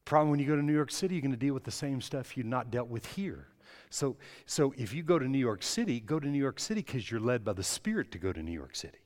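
Male pastor, sermon, impassioned, soft then booming, long hall echo. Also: big pitch swings, quick pace. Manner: impassioned, swings from soft to loud. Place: church.

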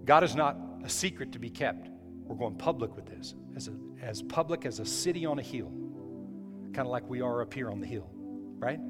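A man's voice: mid-range voice, lively intonation, a little fast, fairly bright tone. A male pastor preaching a sermon in a church, emphatic, often restarting his phrases. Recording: hall reverb with faint music.

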